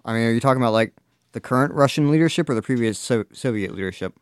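A man's voice: medium pitch, lively intonation, racing, clean tone, no echo, studio quality. A man hosting a casual podcast, reading sports headlines with many filler uhs. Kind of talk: casual chat.

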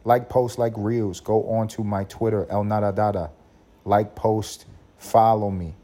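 A man talks alone into his podcast mic, swearing freely and circling back to the same ideas. His voice sits low and dark, with a mellow edge. He laughs at his own points and breaks into mocking voices when he quotes other people. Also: steady tone, a little slow. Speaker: podcast host. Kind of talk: solo podcast rant.

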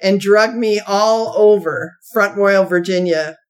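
A woman telling a long funny story from her church life in a folksy way, often laughing as she talks and jumping into high voices when she quotes people. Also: slow pace. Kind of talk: animated storytelling chat.

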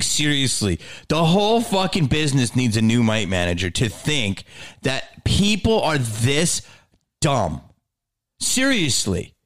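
A man's voice: medium pitch, dry recording, studio quality. A middle-aged man hosting a solo podcast, ranting sarcastically and swearing a lot. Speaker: podcast host.

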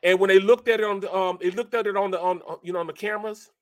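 A man co-hosting a sports talk show, a former player telling animated stories and imitating sounds. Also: high voice, rapid-fire. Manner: animated, repeats "bro" and "man", mimics sounds. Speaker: co-host, former football player. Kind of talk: casual sports talk storytelling.

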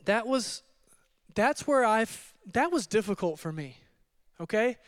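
A man preaching a sermon as pastor, telling his story in an animated, conversational way with frequent asides to the room. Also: high voice, measured pace, clean tone. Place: church hall.

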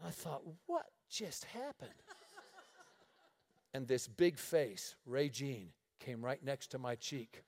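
A middle-aged man preaching, telling lively stories and laughing his way through them. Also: mid-range voice, takes it slowly. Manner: animated storyteller, laughing through his anecdotes. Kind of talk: storytelling sermon.

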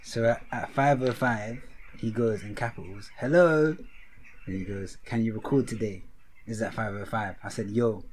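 Young man, low voice, rambling self-mocking storyteller, casual podcast chat. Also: steady tone, moderate pace, darkish tone, slight background noise, low-quality recording. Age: young adult. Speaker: podcast co-host.

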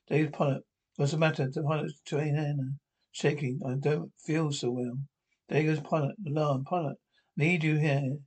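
A man's voice: fairly high pitch, darkish tone, breathy edge. Man reading a script aloud, stumbling. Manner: reads stage directions and dialogue aloud with stumbles and restarts. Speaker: reader of an episode script. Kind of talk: read-aloud script narration.

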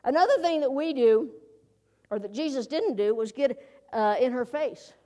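A woman's voice: high voice, animated, normal speed, mellow. A woman preaching a conversational sermon in a folksy manner, often asking her listeners rhetorical questions.

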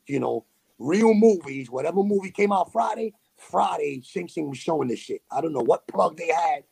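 A man with a New York accent telling a story in a casual, animated way, full of slang and fillers. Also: fairly high pitch, normal speed, vocal fry, breathy edge. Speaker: podcast guest.

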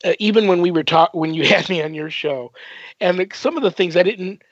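A man's voice: high voice, brisk, no room sound. A man hosting a radio talk show, chatting casually and rambling with many fillers. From United States. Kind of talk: casual radio interview chat. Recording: dull dry lo-fi broadcast audio.

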